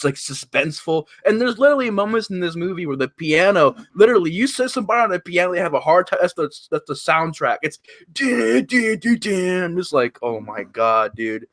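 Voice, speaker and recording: A man in a casual movie review chat, excitable, laughing and mimicking characters. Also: medium pitch, dry recording, clean studio sound. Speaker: podcast guest.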